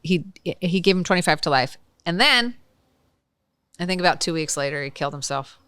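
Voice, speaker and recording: Woman prosecutor telling a story on a podcast, smooth clear voice, dry close sound, super animated. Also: fairly low pitch, fairly quick, dry recording. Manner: animated, laughing, acts out the people in her stories. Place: filmed podcast studio.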